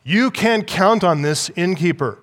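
A man with a somewhat high voice preaches an expository sermon from the pulpit. He speaks in a measured, emphatic way, repeating key phrases and putting rhetorical questions to the congregation. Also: expressive, fairly bright tone, big-room sound. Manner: teaching, asks the listeners rhetorical questions. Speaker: pastor.

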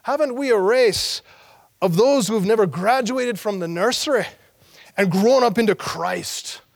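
Man imitating an old Irish preacher, Northern Irish accent, thundering questions, high voice. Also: a little slow, vocal fry, full character voice. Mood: scolding.

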